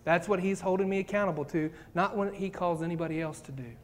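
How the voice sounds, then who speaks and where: A man's voice: high-pitched, fairly even intonation, fast, a little hiss or hum. A male pastor giving a sermon. He reads scripture and acts out pleas, then builds to fervent emphasis.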